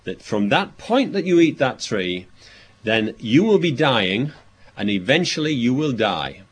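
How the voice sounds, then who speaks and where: Animated man preaching a scripture sermon. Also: medium pitch, unhurried, breathy edge. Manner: expository, reads scripture aloud and explains it; thinking aloud with restarts and fillers.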